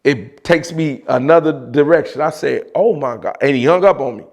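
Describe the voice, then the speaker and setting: A man with a Chicago accent telling a story in a casual, animated way, with slang and loose restarts. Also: on the high side, normal speed. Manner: animated, mimics voices of others in quotes, frequent laughs and slang.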